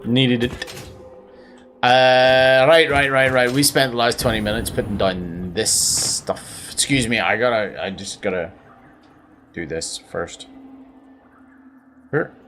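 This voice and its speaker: With a Belfast accent, this weary Northern Irish gaming host speaks slowly and pauses often in a medium-pitched, steady, slightly bright voice. His casual gameplay commentary wanders, repeats words, and pokes fun at himself, with slight background noise present.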